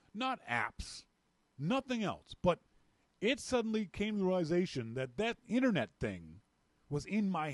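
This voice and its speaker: A man from Canada hosting a podcast, telling a story in a casual, animated way and acting out the lines of people in it. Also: a little high, no room sound. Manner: animated, acts out quoted dialogue. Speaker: podcast host.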